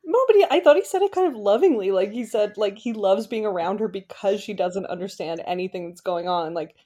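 A woman's voice: mid-range voice, lively intonation, fairly quick, dark tone. A woman co-hosting a podcast in casual chat, rambling with lots of "like" and restarts and often giggling. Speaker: podcast co-host. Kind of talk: casual chat recapping a reality show.

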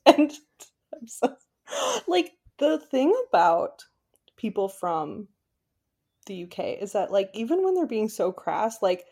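A woman's voice: mid-range voice, very animated, slow pace, long pauses, mellow, husky. Giggly rambling woman podcast co-host. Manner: rambling, full of "like" and restarts, giggly. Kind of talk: casual chat recapping a reality show.

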